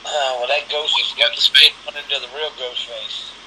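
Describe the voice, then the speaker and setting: A man's voice: mid-range voice, fairly even intonation, moderate pace, sharp tone, slight background noise, rough recording. A man in a casual phone chat, chiming in with short reactions and questions.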